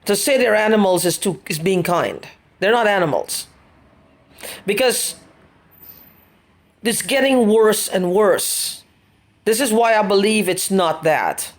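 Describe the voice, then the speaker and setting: Someone records a heated solo video rant, speaking with neither a high nor a low voice. The talk rambles and circles back, stacking up repeated questions and swearing in anger. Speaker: vlogger. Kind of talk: agitated personal video rant.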